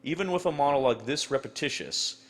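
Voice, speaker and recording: Male instructor narration, lively intonation, even tone. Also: a little high, quick pace.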